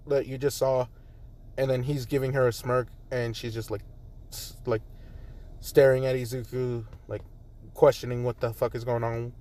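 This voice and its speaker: A man's voice: mid-range voice, no echo. A man improvising a fan story in a rambling, casual way, full of fillers, recorded on a phone.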